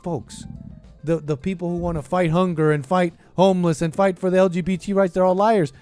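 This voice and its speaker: A scornful American man hosting a political commentary show, his voice pitched a little high. He rants with heavy sarcasm over faint background music. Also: little pitch movement, a little fast, a little mellow, no echo. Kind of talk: ranting call-in show commentary.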